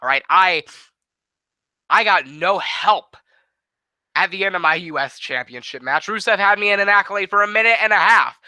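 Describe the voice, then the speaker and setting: A man's voice: high voice, moderate pace, pushed and bright, no room sound, pitched above the performer's own voice. A man voicing a male wrestler who rants in a profane way at his former best friend. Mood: aggrieved. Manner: ranting, profane.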